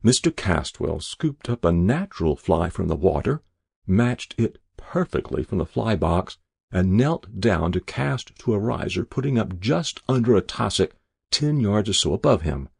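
A man reading a story aloud in a measured, expressive storytelling manner. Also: fairly low pitch, creaky, husky, dry recording, clean studio sound. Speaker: narrator.

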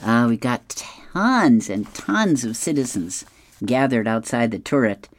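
A reader going through an advice column and the comics aloud, chuckling often in an unhurried way. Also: mid-range voice, expressive.

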